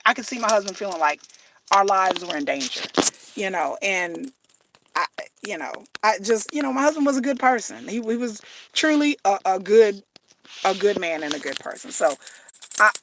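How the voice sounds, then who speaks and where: A middle-aged woman chatting casually on a livestream, telling lively stories, acting out what people said and swearing freely. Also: medium pitch, distant mic, low-quality recording. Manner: animated storytelling, acts out quotes, swears freely. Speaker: livestream host. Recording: voice slightly off-mic, faint noise.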